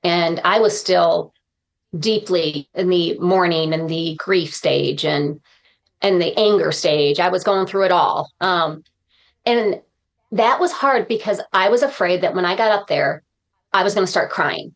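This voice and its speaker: A woman's voice: fairly low pitch, a little slow. Earnest woman speaker sharing uplifting lessons. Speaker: guest, motivational speaker. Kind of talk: podcast interview conversation.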